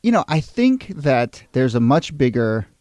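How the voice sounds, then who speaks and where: A man's voice: mid-range voice, very animated, a little mellow, no echo. A man hosting a history podcast in casual, playful chat, joking and laughing with his co-hosts. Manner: jokey, playful, quick to laugh. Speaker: host.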